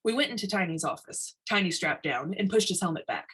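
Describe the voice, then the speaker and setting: A woman reading a science fiction short story aloud, expressive storytelling. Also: on the low side, brisk, slightly rough, low-quality recording. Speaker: story reader.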